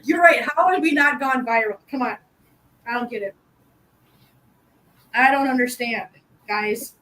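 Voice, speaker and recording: A woman's voice: fairly high pitch, measured pace, a bit bright. A woman hosting a casual live stream, chatting and cooing baby talk at her cats with frequent laughs. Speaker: host.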